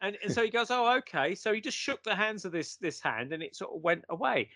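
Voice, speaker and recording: A man's voice: sits high, lively intonation, fast talker, pushed and bright, no room sound. A man, a guest telling a story in a casual conversation and acting out the quotes.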